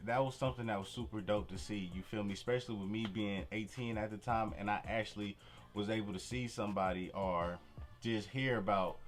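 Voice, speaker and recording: A young man casually telling a personal story to camera, full of slang and "you feel me" asides, with faint music behind. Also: on the low side. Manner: relaxed street slang, frequent "you feel me". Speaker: vlogger.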